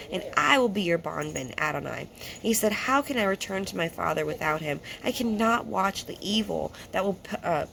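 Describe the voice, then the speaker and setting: A woman's voice: medium pitch, a bit bright, slight background noise, rough recording. A woman teaching scripture, reading passages aloud and then retelling them in casual words with fillers.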